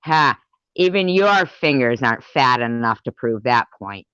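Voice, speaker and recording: A woman's voice: a bass voice, animated, measured pace, bright, forceful tone, clean tone, dry recording, dull audio. A woman vlogger in an angry, profane rant to the camera, taunting and repeating words for emphasis.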